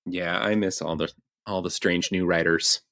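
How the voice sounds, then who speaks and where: A man's voice: low-pitched, fairly even intonation, moderate pace, creaky, sharp tone, dry recording, clean studio sound. A man guesting on a podcast interview as a TV writer, chatty and self-interrupting as he tells stories.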